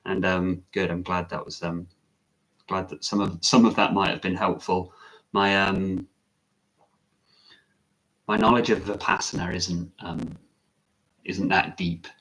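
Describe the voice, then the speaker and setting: A man with a very low voice chats with viewers on a live stream, reading out their greetings and answering them. He is a meditation teacher and talks in a relaxed, musing way, often stopping to correct himself mid-sentence. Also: unhurried, pauses often. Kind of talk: casual live-stream chat.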